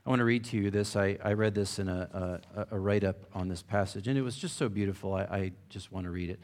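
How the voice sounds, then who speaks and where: A man's voice: sits low, fairly quick, few pauses, a little mellow. A man giving a casual, conversational sermon, asking the audience questions and using plenty of fillers. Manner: reads a passage aloud with rising emphasis. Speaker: preacher.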